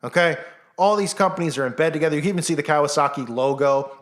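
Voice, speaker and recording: A man's voice: fairly high pitch, fast. A man hosting a commentary vlog, ranting in a scornful, sarcastic way and firing off heated rhetorical questions. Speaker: channel host.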